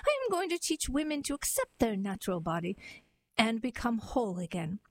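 A woman's voice: on the high side, big pitch swings, fairly quick, slight background noise. Woman voicing an imperious queen. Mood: lecturing. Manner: imperious, lecturing. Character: haughty indignant queen, woman.

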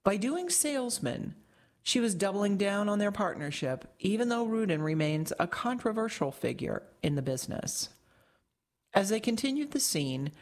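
A woman narrating a long magazine feature as scripted narration, measured and articulate. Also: on the low side.

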